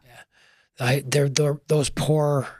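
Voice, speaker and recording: A Canadian firefighter, a guest on a casual interview, tells his story in an earnest, emotional way and sometimes chokes up. His voice is fairly high and darkish, with a level tone and a very slow pace. The studio recording is clean, with no echo.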